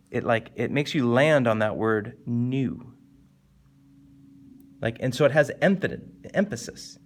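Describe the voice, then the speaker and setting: Man giving a casual literature lesson. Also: creaky. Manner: animated, conversational, with sudden lifts in pitch for emphasis; reads poem lines slowly and deliberately. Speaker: teacher.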